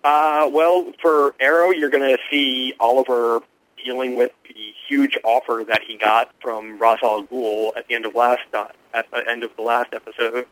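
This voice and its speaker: A man's voice: mid-range voice, flat delivery, a bit bright, no room sound, rough recording. Dry, eager man critiquing TV. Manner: quick, informed, enthusiastic explaining. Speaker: guest TV critic. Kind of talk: radio interview answers.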